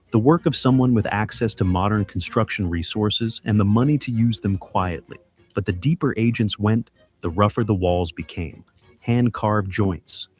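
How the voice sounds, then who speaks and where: A man with a somewhat low voice narrates a scripted mystery. His delivery is measured and suspenseful. He builds tension through short, clipped phrases and deliberate pauses.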